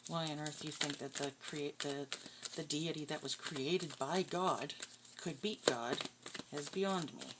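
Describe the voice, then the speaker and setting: Brief: low-pitched woman reading tarot, blunt and foul-mouthed, loud shuffling and crinkling noise behind. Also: unhurried. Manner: blunt, profane, scornful. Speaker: tarot reader.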